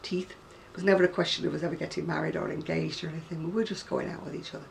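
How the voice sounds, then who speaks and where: Gravelly older northern English woman. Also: sits low, little pitch movement, fast, recorded from a distance, slight background noise. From North West England. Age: 60s. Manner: chatty and rambling, with frequent laughs. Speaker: craft seller. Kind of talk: casual chat to camera.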